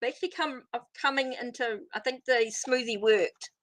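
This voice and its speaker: Woman, middle-aged, live-stream tarot host, chatty, rambling, high bright voice. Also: moderate pace, slight background noise. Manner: chatty and rambling, greets viewers and answers their comments. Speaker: tarot reader hosting a livestream. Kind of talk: casual live-stream chat.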